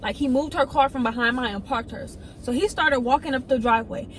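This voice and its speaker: A woman's voice: brisk, hardly any pauses, a little hiss or hum, rough recording. A young woman, telling a story casually and acting out the people in it. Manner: animated storytelling, quoting others in excited high voices.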